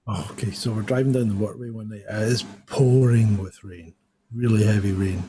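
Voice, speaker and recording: A man's voice: lowish voice, steady tone, a little fast, mellow, slight background noise. A man co-hosting a casual live show, telling anecdotes and often breaking into laughter. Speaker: co-host. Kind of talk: casual live-stream chat.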